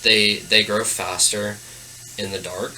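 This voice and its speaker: A young man, a podcast guest, chats casually in a lowish voice, hesitant and full of fillers and restarts. His delivery is flat and slow, with a bright, forceful tone. The low-quality recording carries faint background noise.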